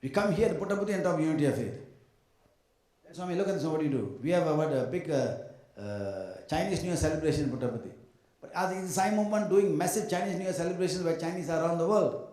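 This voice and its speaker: Man, devotional speaker to a crowd of devotees, mellow voice, lively storyteller who mimics people, heavily echoing hall. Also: on the high side, fast. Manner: animated storytelling, mimics other people, joking asides. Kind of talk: devotional talk with anecdotes. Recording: echoey hall sound.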